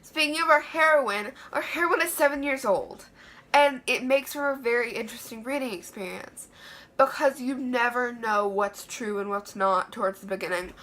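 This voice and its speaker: A woman's voice: on the high side, normal speed, a bit bright. A woman giving an enthusiastic, chatty book review in a room lined with books. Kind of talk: casual book review vlog.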